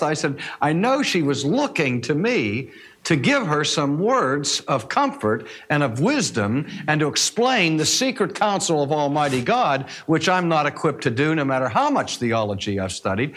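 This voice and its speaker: A man's voice: on the high side, very animated, normal speed, a bit bright. A male minister telling a personal story in a sermon, earnest and reflective, quoting the people he met.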